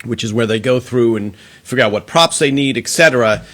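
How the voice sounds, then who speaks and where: A man's voice: mid-range voice, fairly quick, a bit bright. A man hosting a casual live Q&A stream, greeting viewers one by one and chatting with plenty of filler words.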